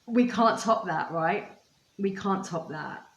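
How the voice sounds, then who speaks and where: A woman's voice: mid-range voice, slow pace, echoey room, low-quality recording. A woman hosting a live oracle card unboxing, gushing and spiritual, greeting viewers by name. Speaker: oracle card reader and livestream host.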